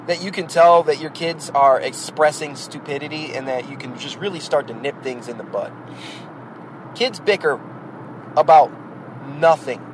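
On a rough recording with a little hiss or hum, a podcast host with a slightly high voice holds forth on raising kids. He speaks as a parent in a blunt, lengthy, casual and opinionated monologue, rhetorical and aimed straight at the listener.

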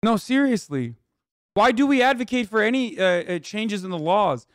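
A man's voice: sits high, expressive, moderate pace, dry recording, studio quality. A man ranting angrily and profanely at his chat during a livestream, reading news aloud between outbursts. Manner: angry, profane, reads news aloud then rants at chat. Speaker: streamer reacting to news. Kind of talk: heated livestream rant.

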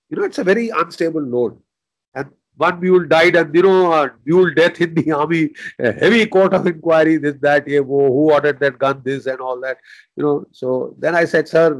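An older man with an Indian English accent, a retired army general telling war stories in an interview, forceful and animated, acting out dialogue and swearing casually. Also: fairly high pitch, rough recording. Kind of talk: anecdotal interview storytelling.

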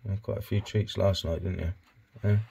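Soft-spoken husky man coaxing a pet. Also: fairly even intonation, a little fast. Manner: soft, coaxing, low-key murmuring to his hedgehog. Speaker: pet keeper vlogger. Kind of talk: casual talk to a pet.

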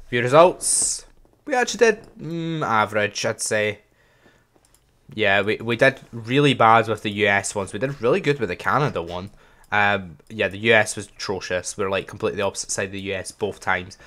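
A man's voice: lowish voice, a bit bright. A young man hosting a gaming channel, thinking aloud in casual, chatty gameplay commentary and joking at his own expense.

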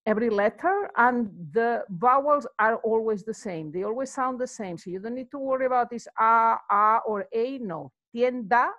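A middle-aged woman, teaching a relaxed video lesson in a chatty way, with many fillers and words repeated slowly for practice. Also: on the high side. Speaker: Spanish teacher.

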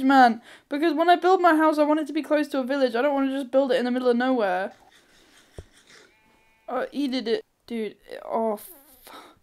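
A woman with a high voice provides casual let's-play commentary as a gamer, musing out loud, swearing freely, and suddenly squealing with excitement.

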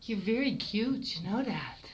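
A proud mother cat gushes over her kitten, as a woman puts her on. The voice lifts high and stretches each word out slowly, fond and cooing. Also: lively intonation, slight background noise, natural voice. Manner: cooing, drawn-out.

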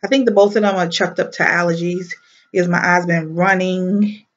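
A young pregnant woman talks through a casual vlog update. Her voice sits a little low and sounds somewhat stuffy and short of breath. She rambles along with plenty of ums and likes, and the home recording has a muffled, lo-fi sound. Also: steady tone, moderate pace. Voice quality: nasal, stuffy. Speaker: vlogger.

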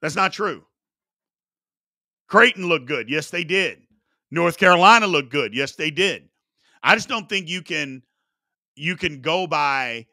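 A sports talk host, a man from Kentucky, riffs on college basketball in a bright, fairly high voice that swings up and down in pitch. He sounds exasperated and drives his points home by repeating them. His tone stays casual and chatty, as if answering his live chat. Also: a little slow, long pauses. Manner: animated, exasperated, repeats himself for emphasis.

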